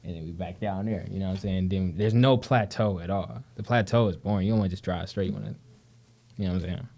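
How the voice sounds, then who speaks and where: Young detroit guy, low voice, rapid slangy storytelling, curses a lot. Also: vocal fry, mellow. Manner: slangy, profane, fast storytelling with lots of "you know what I'm saying". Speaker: guest, actor. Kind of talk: casual conversation.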